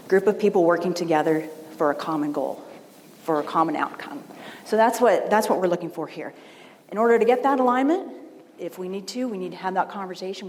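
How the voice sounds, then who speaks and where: A woman's voice: mid-range voice, a little mellow, slight background noise. A woman giving a conversational conference keynote, telling stories and often checking in with "right?". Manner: conversational, storytelling, frequent "right?" asides. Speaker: keynote speaker. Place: large event hall. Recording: long hall reverb, faint ambience.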